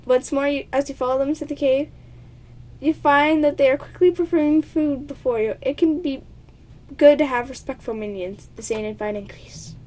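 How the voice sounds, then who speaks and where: A woman's voice: high-pitched, moderate pace, a little mellow. A woman reading a choice-based text game aloud, stumbling over words and giggling through playful asides to her viewers. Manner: stumbles over words, often tongue-tied. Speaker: player of a text adventure game.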